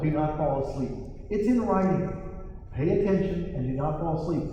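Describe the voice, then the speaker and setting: A man presenting a property tax seminar to a live audience, animated and wry, acting out the exchanges he describes. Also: sits high, slight background noise. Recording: echoey hall from far off, dull sound.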